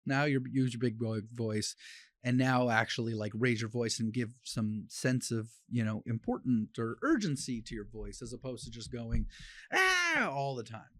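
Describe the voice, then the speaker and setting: A man of middle pitch speaks on a solo podcast as a dog trainer. His delivery is blunt and opinionated, coming in quick bursts with restarts. The recording is close and dry, with no room sound. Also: dry recording.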